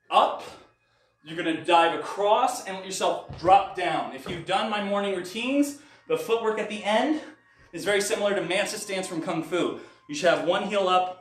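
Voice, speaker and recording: High-voiced man coaching sword moves in an echoey room. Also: normal speed, a bit bright. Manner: upbeat coaching, counting reps while demonstrating. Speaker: stage combat instructor. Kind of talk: live online movement class. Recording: roomy echo, mic at a distance, faint music.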